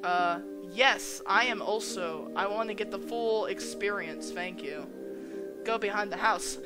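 A woman's voice: mid-range voice, unhurried. A woman playing a visual novel, reading its narration aloud and reacting with stunned exclamations. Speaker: let's play gamer. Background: game music.

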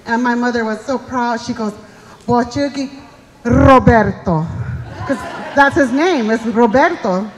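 A woman's voice: a little high, moderate pace, hardly any pauses, crowd noise. A middle-aged woman comedian telling chatty, self-mocking stories on stage and acting out the voices of the people in them. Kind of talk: live stand-up comedy. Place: stage at a community fundraiser show. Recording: live hall reverb.

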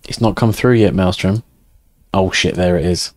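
A man's voice: low voice, normal speed, dry recording. A man chatting casually to his viewers while streaming a game, rambling, swearing and laughing often. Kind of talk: casual live-stream chat.

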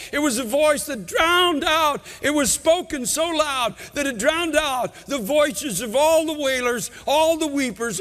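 Man pastor preaching hard, real high sharp voice, shouting a lot, big church echo. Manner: impassioned preaching, rising to shouts. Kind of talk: sermon. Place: large church sanctuary. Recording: long church reverb.

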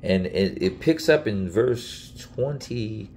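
In a relaxed Bible teaching video, a lowish-voiced man teaches earnestly and with emphasis, frequently restarting phrases and saying things again. He speaks slowly yet animatedly, his tone a little mellow, over faint background noise.

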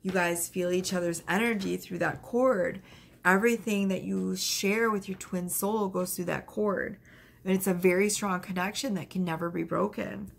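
Woman reading tarot, casual and chatty, lots of um and like, bit of fry in the voice. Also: mid-range voice, normal speed. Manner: chatty, animated, lots of fillers. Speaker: tarot reader.

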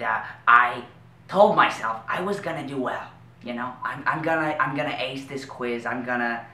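A man voicing an odd, awkward teenage boy with a weird voice who tells rambling stories slowly, for an animated web series. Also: mid-range voice, lightly acted. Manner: slow, meandering storytelling with odd leaps. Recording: roomy echo, faint hiss.

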